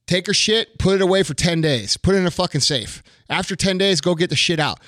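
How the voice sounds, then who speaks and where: A man's voice: high voice, a little fast, fairly bright tone, no echo, studio quality. A man giving blunt dating advice in casual podcast chat, profane and emphatic.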